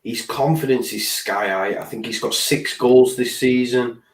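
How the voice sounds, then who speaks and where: A man's voice: medium pitch, measured pace, roomy sound, distant mic, low-quality recording. A tired man co-hosting a casual football chat, easygoing, agreeable and jokey. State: tired late at night. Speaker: fan channel co-host.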